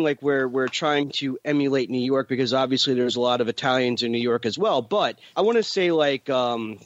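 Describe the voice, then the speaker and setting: A man's voice: mid-range voice, dry recording. Rambling man with a New Jersey accent. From central New Jersey, US. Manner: rambling, repeats words, swears casually. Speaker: podcast co-host. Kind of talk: casual chat. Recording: dull lo-fi audio.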